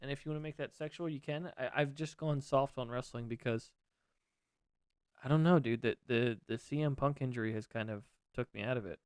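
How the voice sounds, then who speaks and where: A man's voice: mid-range voice, brisk, clean tone, no echo, studio quality. A man co-hosting a casual wrestling podcast, laid-back and jokey, rambling with restarts. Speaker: podcast co-host.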